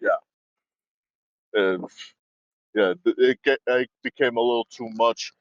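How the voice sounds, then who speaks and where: A man's voice: mid-range voice, a little slow, no room sound. A man co-hosting a podcast in casual chat, matter-of-fact with a few stumbles. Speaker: podcast co-host. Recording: dull, dry lo-fi mic.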